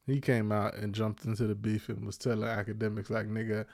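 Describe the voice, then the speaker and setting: A man's voice: fairly low pitch, little pitch movement, brisk, vocal fry, darkish tone. A man co-hosting a podcast who sets up topics in a laid-back, casual way. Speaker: podcast co-host. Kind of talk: casual chat.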